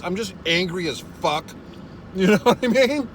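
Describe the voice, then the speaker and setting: A man's voice: sits high, lively intonation, moderate pace, slight background noise. Profane exasperated man ranting in a car. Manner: exasperated, swearing constantly, laughing at himself. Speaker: vlogger. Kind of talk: profane comedic storytelling rant. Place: parked car.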